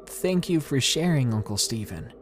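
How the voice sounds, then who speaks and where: A man's voice: mid-range voice, animated, moderate pace, faint music behind, pitched above the performer's own voice, lightly acted. A man voicing a tired, frustrated middle-aged mother who speaks in a clipped, exasperated way in a storybook reading. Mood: choked.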